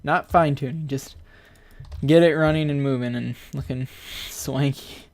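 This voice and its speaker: A man's voice: medium pitch, steady tone, moderate pace, darkish tone. A man records a laid-back game scripting tutorial, joking around as he talks through his code piece by piece. He sounds a little out of breath, and keys clack under his voice. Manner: goofy, rambling, narrates code aloud while typing. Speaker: Roblox scripting tutorial host. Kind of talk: casual screen-recorded coding tutorial. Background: keyboard typing.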